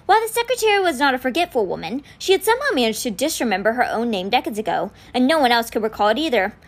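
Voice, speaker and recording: A woman's voice: on the high side, rapid-fire. A woman reading a novel aloud for a podcast, telling the story expressively. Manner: expressive storytelling with quoted lines read in. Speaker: podcast book reader.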